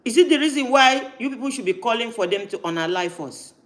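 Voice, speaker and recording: High-voiced man hosting. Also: lively intonation, fast talker, a bit bright. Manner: insistent, cuts in with repeated no's. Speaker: live-stream host. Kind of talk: heated live-stream talk.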